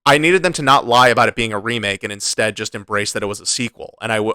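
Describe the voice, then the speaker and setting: A man co-hosting a casual gaming podcast, ranting in a frustrated, animated way with many restarts. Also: medium pitch, a little fast, clean tone, no echo. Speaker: podcast co-host.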